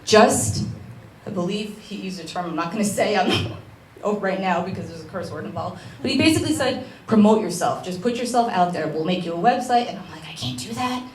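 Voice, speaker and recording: A woman's voice: fairly low pitch, a little fast, darkish tone. Chatty woman speaking to a live audience in an echoey room. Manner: chatty, emotional, laughs and tears up often. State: tearful at times. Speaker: astrologer speaking at a networking event. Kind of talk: personal talk to a live audience. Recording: roomy echo with faint background noise.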